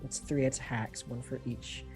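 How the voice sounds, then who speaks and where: During a tabletop game, a male player with a medium-pitched, gravelly, somewhat dark voice describes spells and works out damage aloud. He sounds easygoing and unhurried, his tone level, with soft music playing in the background.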